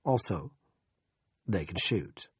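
A man voicing a smug, scheming middle-aged male town politician who speaks slowly and condescendingly. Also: low voice, expressive, slightly rough, no echo, studio quality, heavily acted. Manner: slow, condescending and self-satisfied.

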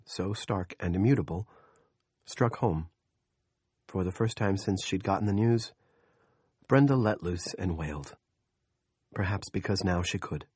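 A man narrating an audiobook in a steady, measured storytelling voice. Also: sits low, breathy edge, dry recording, studio quality. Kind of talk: scripted narration.

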